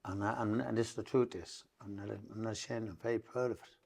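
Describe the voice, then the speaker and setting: A man's voice: on the low side, steady tone, fast talker, creaky, darkish tone, husky. A middle-aged man with an Irish Traveller accent, a podcast guest telling a long story in a rambling way and swearing over and over that it's true. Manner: rambling, repeats oaths of truth. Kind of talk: emotional storytelling.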